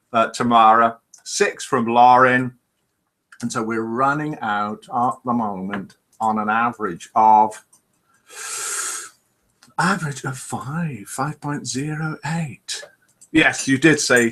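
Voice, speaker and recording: A man's voice: medium pitch, bright, forceful tone. A man hosting a live online show, chattily reading out scores and greeting viewers by name. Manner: chatty, reads out scores and names. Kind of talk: casual live-stream hosting.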